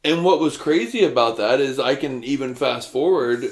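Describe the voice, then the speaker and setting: A man's voice: medium pitch, moderate pace. A man co-hosting a podcast in casual chat, chiming in with dry, matter-of-fact remarks. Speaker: podcast co-host. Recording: roomy echo.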